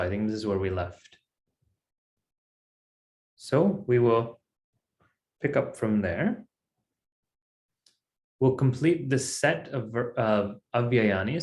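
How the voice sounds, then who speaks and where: A Sanskrit teacher with a darkish tone teaches at an unhurried pace, his pitch rising and falling freely as he patiently explains each point. The room is roomy and echoing.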